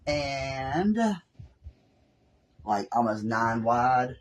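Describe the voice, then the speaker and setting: A woman's voice: extremely low pitch, slow, pauses often, rough recording. A woman with a Southern US accent, hosting a casual craft live stream and chatting in a rambling way with her viewers from her home craft room.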